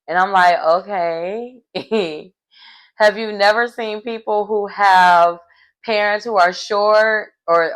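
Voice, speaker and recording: A woman's voice: medium pitch, fairly bright tone. A woman giving casual recap commentary on a reality TV episode, chatty and slangy with wry asides.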